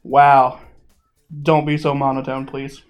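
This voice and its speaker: A man's voice: medium pitch, level tone, slow, faint music behind. A man hosting a casual podcast, joking and rambling with fillers. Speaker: podcast host.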